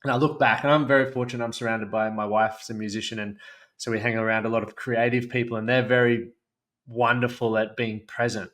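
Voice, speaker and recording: A man's voice: medium pitch, flat delivery, a little fast, a bit bright. A young man hosting a podcast, talking in a reflective, earnest, casual way. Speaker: podcast host. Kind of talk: conversational interview.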